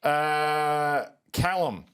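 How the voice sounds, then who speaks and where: A man's voice: fairly high pitch, extremely slow, clear, resonant tone. Easygoing man hosting a podcast. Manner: relaxed, jokey questioning. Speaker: podcast host. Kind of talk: casual chat.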